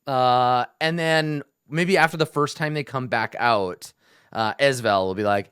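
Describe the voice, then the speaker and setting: A man's voice: medium pitch, a little slow, a bit bright, smooth, dry recording, clean studio sound. A man talking as game master, planning a tabletop adventure aloud, thinking things through with restarts. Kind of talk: casual session prep talk.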